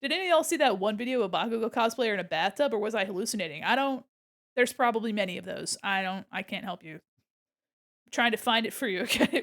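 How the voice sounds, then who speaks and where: A woman's voice: medium pitch, lively intonation, fast, fairly bright tone. A woman streamer chatting casually with her viewers while she draws, giggling often and swearing now and then. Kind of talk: casual livestream chat while drawing.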